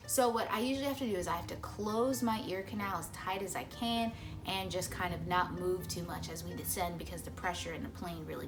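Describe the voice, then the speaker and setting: Bright-voiced young woman telling a story. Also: mid-range voice. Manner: chatty, animated storytelling with lots of "like" and "right?". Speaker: vlogger. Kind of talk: casual story time vlog. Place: parents' home, indoors.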